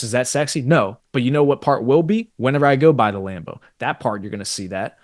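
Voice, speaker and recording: A man's voice: mid-range voice, no room sound, clean studio sound. A man co-hosting a live stream, giving fired-up, profane motivational business talk. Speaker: co-host.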